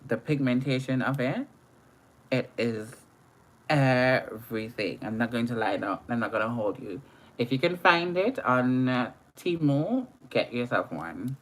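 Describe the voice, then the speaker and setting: A woman's voice: extremely low pitch, lively intonation, unhurried. A young woman chatting playfully through a live makeup tutorial and greeting viewers as they join. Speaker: makeup livestreamer.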